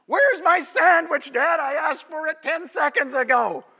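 A man's voice: extremely high pitch, measured pace, gravelly, sharp tone, pitched above the performer's own voice, full character voice. A man mimicking his bossy, demanding little child.

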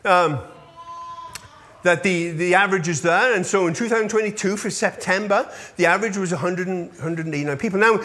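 A pastor in his fifties gives his congregation a casual update in a voice that sits high with a fairly bright tone. He's chatty, checks in with listeners often, and gets easily moved when thanking them.

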